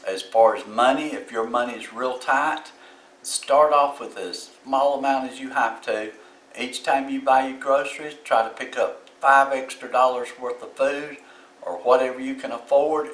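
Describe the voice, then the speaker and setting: A man's voice: medium pitch, a bit bright, reverberant, distant mic, slight background noise, rough recording. A man with a Southern US accent giving plain, folksy advice as a video host, recorded in his home kitchen. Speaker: YouTube host. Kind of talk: casual how-to talk.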